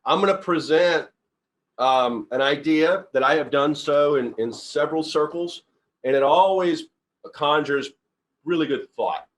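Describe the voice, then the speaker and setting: A man's voice: fairly high pitch, measured pace. A middle-aged man, a company CEO, giving an informal motivational talk, rambling through personal stories with frequent restarts. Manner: rambling, restarts often, earnest storytelling.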